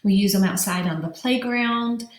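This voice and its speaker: A woman's voice: mid-range voice, echoey room. A woman teacher giving a vocabulary lesson to young children, stretching out words and spelling letters aloud. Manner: slow, drawn-out syllables, spelling letters aloud.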